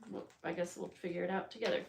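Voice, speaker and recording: A woman's voice: on the low side, steady tone, fast, creaky, darkish tone, a little hiss or hum. A woman hosting a live bookbinding stream, chatting casually and greeting viewers by name while she works, often thinking aloud and losing track of her steps. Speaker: bookbinding crafter hosting a livestream. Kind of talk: casual chat while working on a craft.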